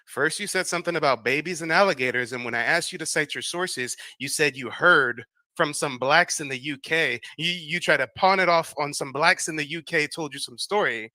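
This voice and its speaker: A man's voice: on the high side, fairly quick, hardly any pauses, pushed and bright, no room sound. An American man hosting a livestream, grilling a caller in a mocking, demanding way and repeating his questions. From United States. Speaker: livestream host. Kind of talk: confrontational live debate.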